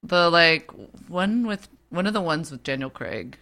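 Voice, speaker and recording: Bright-voiced chatty woman. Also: fairly low pitch, lively intonation, measured pace. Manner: chatty, full of "like" fillers. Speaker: podcast co-host. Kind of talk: casual chat.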